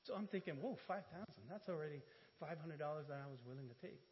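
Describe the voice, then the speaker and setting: A man preaching in a church and telling a personal story, animated and humorous, acting out conversations. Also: a little high, rapid-fire. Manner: animated, acts out dialogue with humor. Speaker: pastor. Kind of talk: sermon storytelling. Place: church sanctuary. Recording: dull, reverberant church audio.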